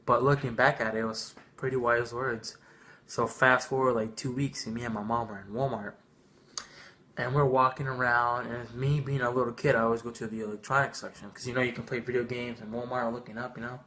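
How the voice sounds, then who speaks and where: A young man telling a funny childhood story in a casual vlog, animated and swearing freely. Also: mid-range voice, fairly quick. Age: young adult. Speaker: vlogger.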